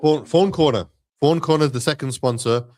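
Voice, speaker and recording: A man's voice: fairly high pitch, a little fast. Guy co-hosting a stream, chatty and upbeat, plugging sponsors. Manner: upbeat, rallying listeners, reading sponsor shout-outs. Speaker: co-host of an Islamic live stream. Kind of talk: casual live-stream chat.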